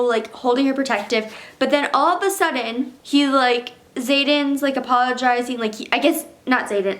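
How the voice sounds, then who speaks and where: A woman book vlogger reading aloud and chatting casually in between, excitable, full of swearing and filler words. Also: sits high, moderate pace.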